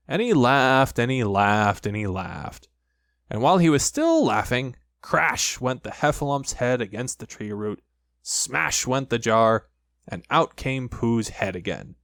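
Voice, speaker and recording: A man reading a children's storybook aloud, with lively, expressive storytelling. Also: medium pitch, no echo, clean studio sound. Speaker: audiobook narrator.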